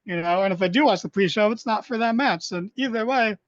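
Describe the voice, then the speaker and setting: High-voiced man hosting a casual podcast. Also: quick pace, no room sound, dull audio. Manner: joking, rambling with many fillers. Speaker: podcast host. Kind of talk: casual wrestling podcast chat.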